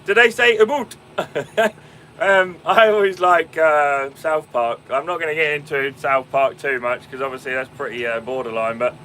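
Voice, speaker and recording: This young Fenland-accented man chats on a live stream from inside a tractor cab in a field, answering his viewers and calling them mate and my man. His slightly high voice keeps a fairly even intonation at a moderate pace, with a sharp tone and many ums and restarts. He's on a phone, so the audio is poor, with slight background noise.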